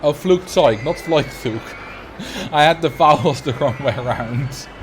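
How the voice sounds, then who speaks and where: A man's voice: a little high, normal speed, a little hiss or hum. A man with a Dutch accent giving casual, joking commentary while livestreaming a game. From Netherlands. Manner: chatty, laughs often, jokes about words.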